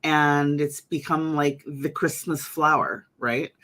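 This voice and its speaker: A woman's voice: low voice, fairly even intonation, slow, a bit bright. A woman hosting a casual conversation, chatty, with many fillers and restarts. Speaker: host.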